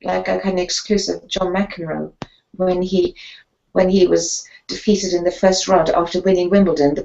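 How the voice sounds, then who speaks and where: An older woman sits as a guest and tells stories from her career as a sports photographer. She speaks in an animated way, slipping into the voices of the people she quotes. The audio is slightly dull and muffled. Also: fairly low pitch, gravelly. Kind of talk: storytelling interview.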